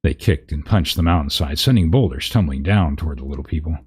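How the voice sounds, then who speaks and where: A man's voice: extremely low pitch, lively intonation, fast, a little mellow, breathy edge. A man reading a parody fantasy story aloud, breaking off with wry asides about the text. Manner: reads aloud with wry asides at misread words. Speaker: narrator.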